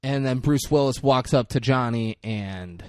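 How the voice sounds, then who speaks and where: A man's voice: a little slow, clear, resonant tone, no room sound, clean studio sound. A man co-hosting a podcast, casually recapping a film scene by scene, swearing freely and acting out the characters' lines. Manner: retells scenes acting out characters' lines with big swings in pitch and loudness. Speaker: podcast co-host. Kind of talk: casual movie recap chat.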